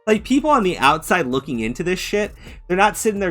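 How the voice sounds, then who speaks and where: Man, ranting commentary host, profane, mocking put-on voices, very lively pitch, faint music behind. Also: fast talker. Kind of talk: angry reaction commentary.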